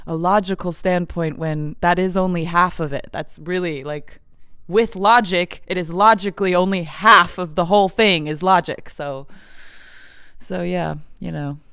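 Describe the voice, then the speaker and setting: Woman, lowish smooth voice, loose rambling vlog delivery, laughs a lot, close and dry. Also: measured pace, a bit bright, no room sound. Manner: meandering, filler-heavy, laughs often. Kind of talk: casual rambling monologue.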